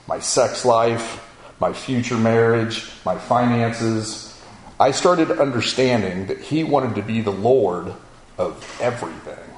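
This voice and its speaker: A man sharing his personal testimony as a spoken story, acting out the back-and-forth of conversations with "I go" and "he goes". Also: lowish voice. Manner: storytelling that acts out dialogue with "I go" and "he goes". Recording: roomy echo with faint ambience.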